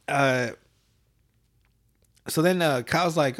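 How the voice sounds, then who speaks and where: Profane, rambling, fairly high-voiced man. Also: normal speed. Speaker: podcast host. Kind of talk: casual episode recap.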